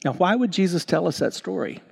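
Male pastor, animated sermon storyteller, voice sitting a little high, repeats and restarts words, swings from loud to hushed. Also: fairly quick, gravelly, breathy edge. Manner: animated storyteller, acts out characters with big swings in pitch and volume; stammering restarts.

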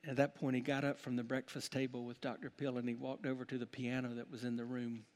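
A man preaching a sermon as pastor, building to loud emphatic peaks and then dropping to a hushed, quiet tone. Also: mid-range voice, monotone, fast talker.

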